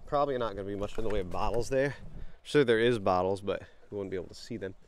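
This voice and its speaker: Young man, excitable vlog chatter, slightly low voice, sniffly, outdoors on a camera mic. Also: quick pace. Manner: excitable, chatty, addresses viewers. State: sniffling from allergies. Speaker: bottle-hunting vlogger. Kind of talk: casual outdoor vlog narration. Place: outdoors in a creek.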